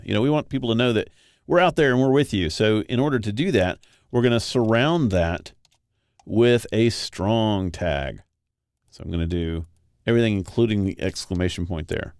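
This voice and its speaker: A man teaching web design in a relaxed, conversational screen-recorded tutorial. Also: lowish voice, normal speed, dry recording, clean studio sound.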